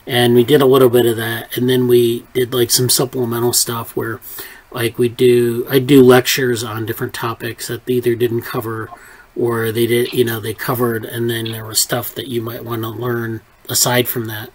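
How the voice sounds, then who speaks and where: Man, research group lead, loose rambling delivery, mid pitch, video call audio. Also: flat delivery, moderate pace, rough recording. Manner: rambling, many fillers and restarts. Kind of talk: casual meeting chat. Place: online video meeting.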